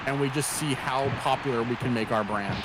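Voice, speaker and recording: A man's voice: mid-range voice, a little fast, very noisy. A man hosting a game stream, chatting in a jokey, rambling way. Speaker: streamer host. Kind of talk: casual gaming stream chat.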